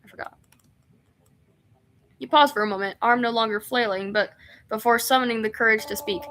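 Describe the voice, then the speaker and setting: A young woman streaming a game, reading its text aloud and chatting excitedly, often laughing and rambling. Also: fairly high pitch, moderate pace. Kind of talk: casual let's-play chat, reading game text aloud.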